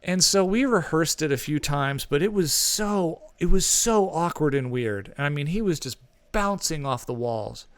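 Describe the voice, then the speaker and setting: Smooth-voiced man telling a story. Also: fairly high pitch, lively intonation, normal speed, few pauses, no room sound. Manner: rambling anecdote with many fillers and restarts. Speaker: podcast co-host. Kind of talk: casual chat, storytelling.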